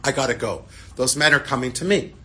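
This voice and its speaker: A man's voice: mid-range voice, fairly quick, over music, close to an everyday voice. Polite businessman in mourning, plain and courteous, read by a man.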